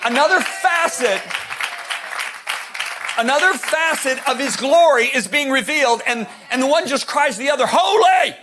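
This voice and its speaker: High-voiced animated male preacher. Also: moderate pace, a crowd in the background, noisy background. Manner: animated, shouts for emphasis; rambling with restarts, jokey asides. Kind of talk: sermon.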